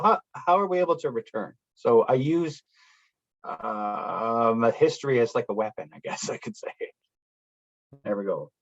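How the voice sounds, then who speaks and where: On a speaker panel, a guest with a mid-range voice chats casually, telling meandering stories stuffed with fillers and acted-out quotes. The recording is muffled.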